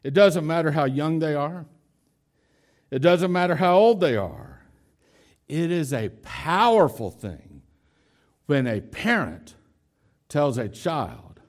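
A man's voice: on the high side, sing-song, slow, pauses often. A man preaching a sermon as pastor, emphatic, repeating key phrases and speaking straight to his congregation. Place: church hall with a congregation.

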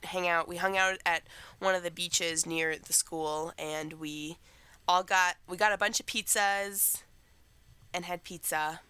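As a podcast co-host getting over a cold, a teen girl chats rambling-style about her week. Her voice is on the low side, unhurried and fairly even in intonation, bright and forceful, clear and resonant, with no room sound.

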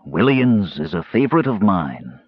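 A man's voice: low voice, very animated, moderate pace, breathy edge, no room sound, highs cut off, full character voice. A man voicing a cool, aloof young male mage who speaks dryly and curtly. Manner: dry and curt.

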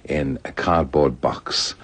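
A man's voice: very deep voice, fairly even intonation, slow, fairly bright tone. An older Irish man telling stories in a radio conversation, laughing often and slipping into little voices. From Ireland. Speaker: guest author.

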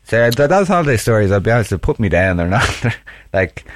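A man co-hosting a podcast in casual chat, talking haltingly with many restarts and teasing his partner. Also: on the low side, sing-song, dry recording. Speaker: podcast co-host.

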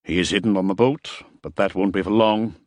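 A man voicing a nervous, sweating middle-aged fixer who gives clipped, urgent orders in a low, dry tone. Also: a little fast, darkish tone, dry recording. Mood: impatient.

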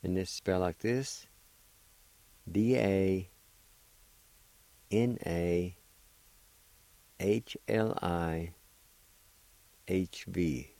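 A man's voice: deep voice, very slow, creaky, long pauses, warm tone, dry recording, low-quality recording. A man teaching a radio language lesson, patient and encouraging as he spells words out one letter at a time, on a close studio microphone.

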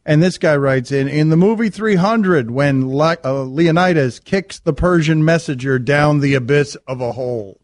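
A man's voice: a little high, moderate pace, hardly any pauses, slight background noise. A man hosting a sports radio show, telling stories and laughing often. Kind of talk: animated radio banter.

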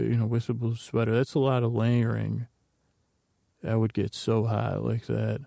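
A man's voice: medium pitch, creaky, mellow, no echo, studio quality. A man hosting a podcast, rambling through an episode recap from his notes with meandering asides. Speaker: podcast host.

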